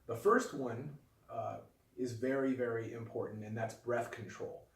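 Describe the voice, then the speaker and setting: Male flute teacher, patient and calm, mid pitch, echoey room, a bit off-mic. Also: measured pace, far from the mic. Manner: calm, patient, demonstrative explaining. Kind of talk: instructional video lesson.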